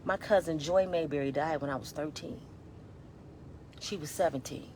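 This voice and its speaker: A woman in her fifties giving a casual, preachy motivational talk, exhorting listeners as y'all, swinging between loud urging and hushed tones, holding back tears. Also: low voice, moderate pace, slight background noise. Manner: colloquial, addresses listeners as y'all. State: near tears. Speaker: inspirational vlogger.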